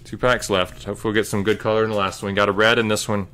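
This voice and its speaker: A man's voice: fairly low pitch, level tone, rapid-fire, fairly bright tone. A man hosting a live trading card break, casually calling out each card as he opens packs.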